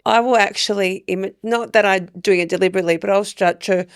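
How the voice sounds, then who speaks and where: A woman co-hosting a podcast, chatting quickly and acting out what people said. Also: medium pitch, steady tone, smooth, no room sound, studio quality. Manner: chatty, quick, acts out quotes. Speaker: podcast co-host. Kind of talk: casual chat.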